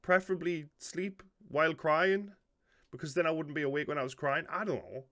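A man's voice: a little high, moderate pace, fairly bright tone, no echo, clean studio sound. A man with a Geordie accent, hosting a casual reaction video, rambling and joking at his own expense, and tired. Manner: joking, self-deprecating, rambling.

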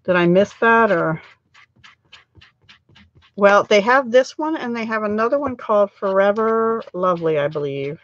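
A woman's voice: medium pitch, lively intonation, normal speed, pauses often, lo-fi sound. A middle-aged woman hosting a live crafting stream, chatting in a rambling way as she works, her throat still scratchy from a cold. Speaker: craft channel host.

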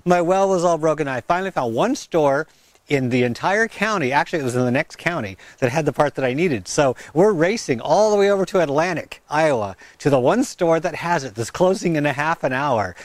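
A man's voice: a little high, animated, fairly quick, dry recording. A man hosting a gardening vlog in a windy garden, rambling and chatty, laughing at himself. He talks into a wireless mic with a fuzzy windscreen. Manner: sing-song baby talk to his dog. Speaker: gardening channel host. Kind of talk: casual outdoor vlog.

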